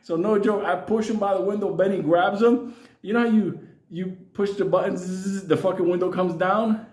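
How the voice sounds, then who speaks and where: Profane laughing New storyteller. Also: male voice, high-pitched, steady tone, normal speed, a little mellow. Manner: swears constantly, laughs through his lines. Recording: echoey room.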